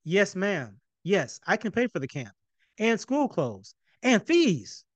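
A man voicing an eager, excitable teenage boy in a read-aloud novel, his delivery pitched up and pleading. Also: fast talker, dry recording, natural voice.

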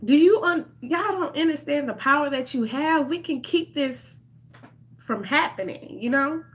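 Addressing her audience straight to camera, a young woman vlogs with emotional intensity. Her high-pitched voice is a bit bright, with lively intonation and a measured pace.

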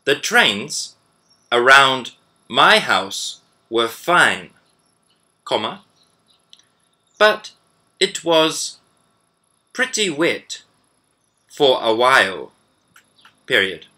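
A man teaching English reads out a dictation with great deliberation. He stops to call out every comma and period. His delivery is very slow and his pitch moves a lot. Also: sing-song, pushed and bright. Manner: deliberate, spells out punctuation.

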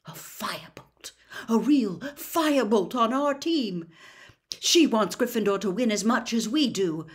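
A woman voicing an eager teenage boy team captain in a storybook reading, talking in rushed bursts that break off mid-sentence. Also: medium pitch, animated, slightly rough. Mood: excited.

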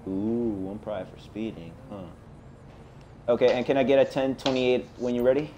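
Voicing a police officer in a game role-play he hosts, a man speaks through a headset in a warm, mid-range voice with flat delivery at a moderate pace. His casual, chatty talk stumbles with frequent "uh"s and restarts, and the audio is dull with slight background noise.

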